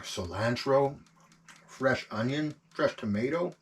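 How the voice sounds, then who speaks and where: A man filming a relaxed camp cooking vlog inside an ice fishing tent, savoring his food and talking with his mouth full. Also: medium pitch, slow pace, breathy edge. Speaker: outdoor vlogger.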